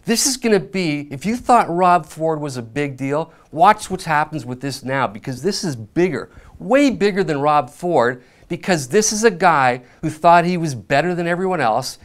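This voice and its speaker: A man sits on a talk show panel as a journalist. He argues fluently and briskly, in a voice pitched slightly high for a man. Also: animated.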